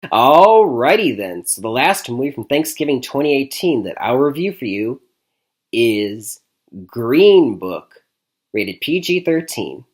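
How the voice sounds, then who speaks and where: A man from Michigan, USA, gives a loose, chatty movie review, leaning on "I mean" and "like I said" and laughing often. His mid-range voice is very animated, but he takes his time.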